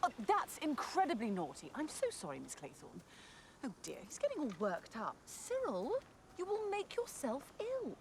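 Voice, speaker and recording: A woman's voice: sits high, wildly swooping pitch, normal speed, a little hiss or hum, full character voice. An actress playing a fretful upper-class mother who talks in a fussy, theatrical way.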